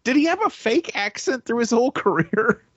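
A man chats casually on a podcast, jokey and swearing freely. His husky voice swings widely in pitch. The recording is dry and a little dull. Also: sing-song, normal speed, a bit bright, no echo. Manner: profane, jokey, incredulous. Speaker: podcast co-host. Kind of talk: casual chat.

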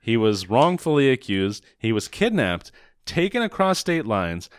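A man's voice: medium pitch, measured pace, smooth, no echo. A man co-hosting a podcast, recapping a movie in casual, sarcastic chat, swearing and acting out lines. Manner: animated, sarcastic, swears, acts out quotes. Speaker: podcast co-host.

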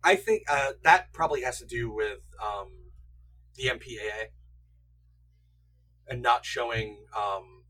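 Male podcast host, bright tone, chatty and knowledgeable, light background hum. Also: medium pitch, unhurried, long pauses, far from the mic, poor audio. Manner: knowledgeable, explains at length with fillers. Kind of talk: casual film commentary chat.

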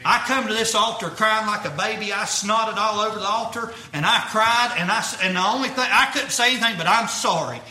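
A man's voice: high voice, sharp tone, reverberant. A young man preaching earnestly, repeating himself and using folksy grammar. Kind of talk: sermon.

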